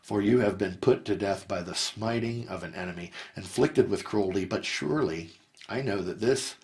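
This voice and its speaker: A grieving old patriarch mourns his lost son, as a man reading scripture aloud voices him. The voice sits fairly low and moves at an earnest, measured pace. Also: darkish tone.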